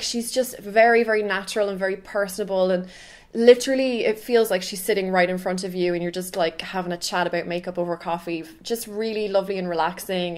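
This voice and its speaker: Irish woman vlogging, chatty and gushy, says like a lot, mid pitch. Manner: chatty, gushing, lots of filler "like". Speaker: makeup artist. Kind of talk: casual vlog recommendations.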